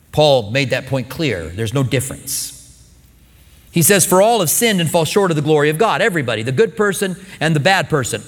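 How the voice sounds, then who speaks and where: Man, middle-aged, pastor, sermon, emphatic with soft asides, somewhat high pitch. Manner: emphatic, swings from loud stresses to soft asides. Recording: long hall reverb.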